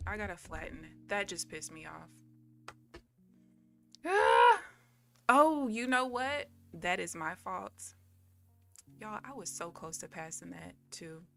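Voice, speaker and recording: Frustrated woman, gravelly, swearing. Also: lowish voice, fairly even intonation, normal speed, sharp tone, faint music behind. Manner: blunt, swears when frustrated. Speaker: day trader live streaming. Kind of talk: casual live stream talk to viewers.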